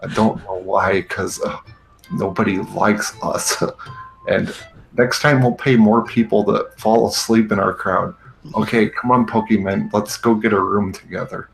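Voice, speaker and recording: A man hosts a comedy show with a gravelly, low-set voice. He rants slowly and sarcastically, laughing as he goes. Faint music sits under him. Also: steady tone, fairly bright tone, rough recording. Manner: sarcastic, exasperated, frequent laughing. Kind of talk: comedic rant, parody commentary.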